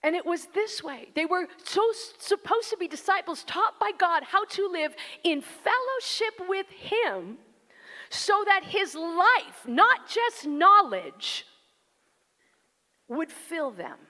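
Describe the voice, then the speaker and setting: Woman preacher, very high and bright voice, direct and emphatic sermon style. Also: very animated, slow pace. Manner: conversational, emphatic preaching that addresses the listeners directly. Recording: long hall reverb.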